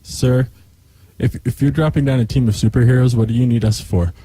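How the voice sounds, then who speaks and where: A man's voice: medium pitch, fairly even intonation, a little fast, warm tone, breathy edge, dry recording, low-quality recording. A man playing a tabletop game who narrates his character's moves casually and laughs as he talks. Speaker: player.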